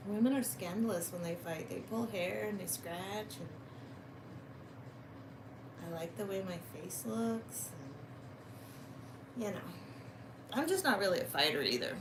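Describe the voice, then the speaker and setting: This woman has a mid-range voice with lively intonation, heard in an echoey room with background noise. Filming a casual vlog from home on a phone camera, she chats, swears and launches into drawn-out complaints.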